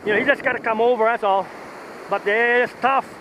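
A man's voice: very high voice, moderate pace. Whooping man fishing by the ocean. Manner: whooping, shouting with excitement, local slang. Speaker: fisherman. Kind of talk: excited fishing commentary. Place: outdoors on the shore by the ocean. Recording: wind and surf noise. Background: waves and wind.

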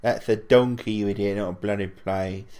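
A man taunts other players over a gaming headset. His mockery swings between loud jeers and put-on sweetness. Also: fairly low pitch, steady tone, moderate pace. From southern England. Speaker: online game troll streamer. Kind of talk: mocking in-game voice chat.

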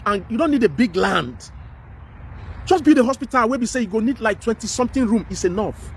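High-pitched and expressive, a man speaking a little fast offers passionate commentary in a Nigerian accent, repeating himself emphatically and pleading with whoever is listening. He is a social commentator, and there's slight noise in the background.

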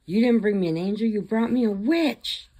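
A woman's voice: medium pitch, very animated, moderate pace, vocal fry, dark tone, breathy edge, voice pushed up, heavily acted, rough recording. A woman voicing a menacing backwoods father who barks orders at his sons in a retold horror film. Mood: gruff, commanding. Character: bossy, menacing hillbilly father.

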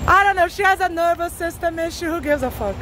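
Woman, very high voice, blunt, combative, swearing, walking outdoors on a street, faint traffic behind. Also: quick pace, crowd noise. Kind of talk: profane street rant.

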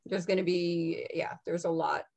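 A woman working as a psychic medium, relaying messages in a halting, soft-spoken way with many restarts. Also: on the low side, level tone, gravelly. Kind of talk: channeling messages in casual chat.

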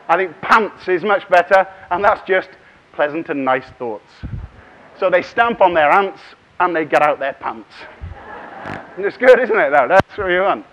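A man's voice: fairly high pitch, highs cut off. A man giving a humorous conference keynote, acting out voices and inner thoughts as he tells stories. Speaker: conference plenary speaker. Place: large conference hall.

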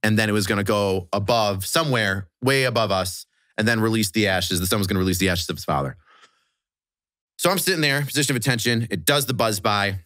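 A man's voice: fairly low pitch, brisk, a bit bright, no echo, clean studio sound. A man guesting on a podcast, telling a crude, jokey war story in casual chat.

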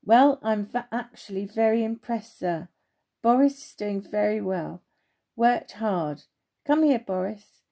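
A woman reading as a bossy old military bird from a storybook. He is brisk and commanding, with a mellow, dark voice. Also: mid-range voice, animated, vocal fry. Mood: approving. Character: pompous old male bird, the Major.

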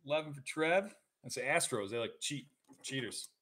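A man's voice: mid-range voice, moderate pace, background noise. A man co-hosting a live card break, talking in rambling, joking banter. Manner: rambling, jokey, lively.

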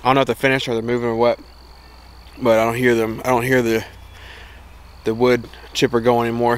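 A man's voice: medium pitch, flat delivery, quick pace, clean tone. A man with a Southern American accent, casually vlogging outdoors about his homestead in a rambling, enthusiastic way with many restarts. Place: outdoors in a yard. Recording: faint outdoor noise.

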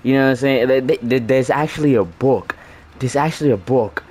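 A man's voice: medium pitch, moderate pace, darkish tone. A young man giving casual gameplay commentary, trash-talking loosely and rambling with restarts. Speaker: gaming streamer.

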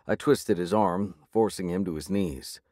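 Deep-voiced male audiobook narrator. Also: measured pace, dark tone, no room sound, studio quality. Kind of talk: first-person audiobook narration.

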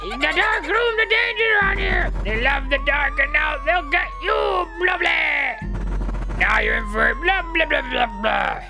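A woman voicing a villainous video game ghost who shouts theatrical taunts over game music. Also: high-pitched, sing-song, unhurried, voice pushed up, full character voice. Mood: gloating. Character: gloating villainous ghost, loves the dark.

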